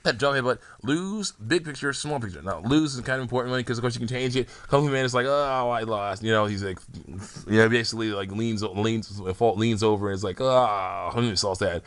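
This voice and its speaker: A young man who makes game characters as a hobby rambles casually about his creations, laughing often and restarting sentences. His medium-pitched voice is brisk, and the recording sounds dry.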